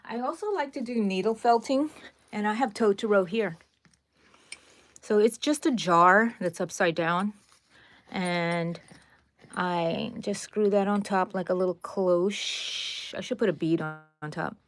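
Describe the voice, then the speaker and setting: A woman's voice: medium pitch, measured pace. A middle-aged woman, hosting a casual crochet livestream, counting stitches and chatting with viewers by name. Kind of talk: casual livestream tutorial chat.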